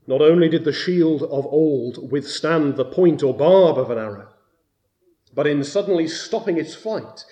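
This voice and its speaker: Slow, mellow-voiced male preacher. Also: medium pitch. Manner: slow, deliberate preaching with sudden loud emphatic rises. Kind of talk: sermon.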